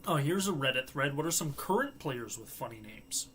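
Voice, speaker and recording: A man's voice: medium pitch, expressive, normal speed, a bit bright, a little hiss or hum. A man hosting a live stream, chatting casually and joking to himself with frequent laughs. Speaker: livestream host.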